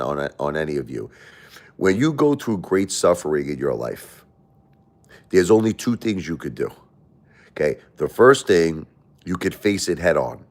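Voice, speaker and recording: A middle-aged man hosting a livestream, talking in a rambling, repetitive, confessional way and often repeating himself. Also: low voice. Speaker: livestream host. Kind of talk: emotional livestream monologue.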